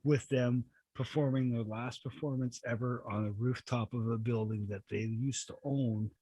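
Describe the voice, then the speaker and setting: A man's voice: mid-range voice, steady tone, normal speed, mellow, husky, no room sound, rough recording. A man from western Canada with a Canadian accent, rambling and swearing a lot in a casual live chat. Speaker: live stream chat participant.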